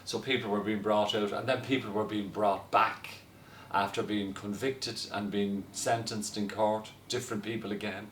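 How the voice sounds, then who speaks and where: A man telling a story in a lively, casual way, often laughing as he goes. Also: on the low side, normal speed. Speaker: guest telling stories. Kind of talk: casual anecdote. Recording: roomy echo, distant from mic, faint noise.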